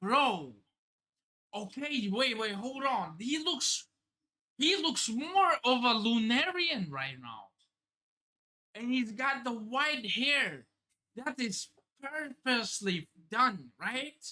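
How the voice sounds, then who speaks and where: A woman streamer with a bright, sharp voice pitched a little high, reacting live to a comic. She talks slowly and thinks out loud, breaking into exclamations and casual swearing. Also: big pitch swings. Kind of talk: excited live reaction commentary.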